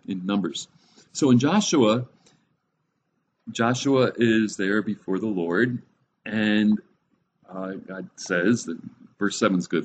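Lower-voiced middle-aged man teaching scripture. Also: darkish tone, highs cut off, slight background noise. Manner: conversational, thinks aloud with fillers and asides. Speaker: Bible teacher. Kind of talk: casual Bible teaching.

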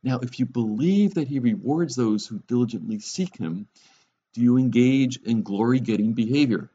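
A man's voice: medium pitch, moderate pace, mellow, slightly rough, lo-fi sound. A man preaching a conversational sermon, mixing scripture teaching with wry, sarcastic jokes. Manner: wry, joking asides with sarcasm.

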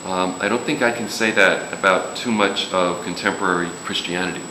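A man's voice: low-pitched, brisk, noisy background. A man preaching a sermon in a casual, joking way, with sudden emphatic rises. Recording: echoey room with faint ambience.

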